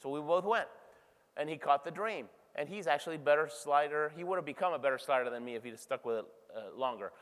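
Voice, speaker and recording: A middle-aged man giving a motivational keynote speech, energetic and conversational, often checking in with the audience. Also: on the high side, fast talker. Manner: energetic, conversational, frequent tag questions to the crowd. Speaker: keynote speaker. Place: large convention hall. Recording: reverberant convention hall sound.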